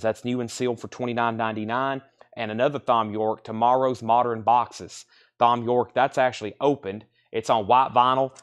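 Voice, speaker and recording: A man running a live online record sale in a relaxed, chatty voice. He talks at a middle pitch and keeps up a steady flow of bids, buyer names and prices, repeating each price as he goes. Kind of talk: live-stream sales patter.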